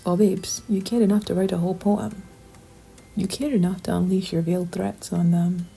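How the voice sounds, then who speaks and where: A woman's voice: on the low side, flat delivery, normal speed, creaky, mellow, husky, rough recording. A woman hosting a critical commentary, talking in a sarcastic, pointed way. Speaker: commentary host.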